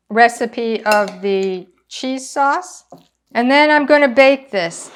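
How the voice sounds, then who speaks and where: A woman's voice: on the high side, a bit bright, a little hiss or hum. A woman hosting a casual home cooking demonstration, chatting through each step as she cooks in her kitchen. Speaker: cooking channel host.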